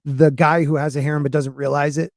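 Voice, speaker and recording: A podcast co-host's voice sits on the high side, moving little in pitch as he talks briskly, captured in clean studio sound with no echo. He rambles chattily about anime and restarts often.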